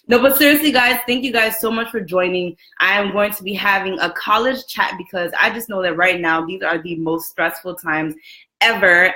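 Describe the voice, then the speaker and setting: A woman in her twenties hosting a casual live video chat from a room at home, chatty and lively, greeting viewers by name and laughing often. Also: mid-range voice. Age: 20s. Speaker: livestream host. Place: room at home with a roommate next door. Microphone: camera and phone set up for a live stream.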